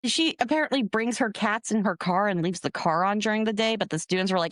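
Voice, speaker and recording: A young adult woman co-hosting a podcast, telling a workplace story in casual chat, animated and swearing freely. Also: medium pitch, quick pace, no echo. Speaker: podcast co-host.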